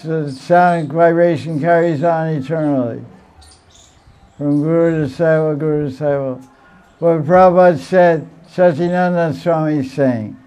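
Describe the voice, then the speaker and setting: A man teaching a devotional class, retelling stories in an animated way, repeating phrases and laughing now and then. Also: a little high, smooth. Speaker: spiritual teacher.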